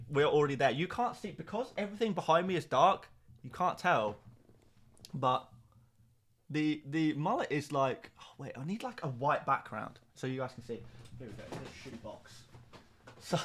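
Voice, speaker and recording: Young guy streaming, chatty and jokey, bit higher voice, reads comments out. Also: a bit bright. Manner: chatty, self-mocking, repeats words and restarts. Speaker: fantasy football streamer. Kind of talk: casual live-stream chat reading comments.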